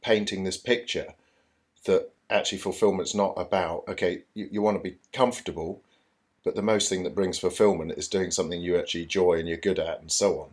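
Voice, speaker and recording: Middle-aged man, low voice, relaxed podcast co-host, clears throat often. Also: brisk. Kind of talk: casual chat.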